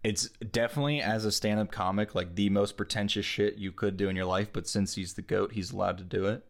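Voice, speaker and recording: Laid-back low-voiced young man. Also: steady tone, fairly quick, creaky. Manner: laid-back, swears a lot, laughs often. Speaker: podcast co-host. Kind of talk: casual chat.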